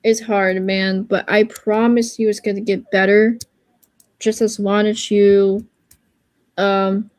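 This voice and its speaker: A woman's voice: mid-range voice, flat delivery, slow pace, darkish tone, dry recording. A woman on a casual livestream giving an earnest, reassuring pep talk, rambling and searching for her words as she goes.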